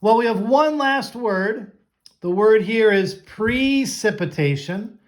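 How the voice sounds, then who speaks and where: A man teaching an online class, coaching students and drawing out each vocabulary word slowly and clearly. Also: sits high, animated.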